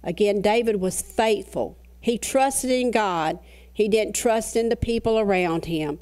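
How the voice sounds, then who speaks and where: A middle-aged woman pastor giving a sermon, earnest, slowing down to read scripture with emphasis. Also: medium pitch, a little mellow. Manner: earnest preaching with slow emphatic scripture readings.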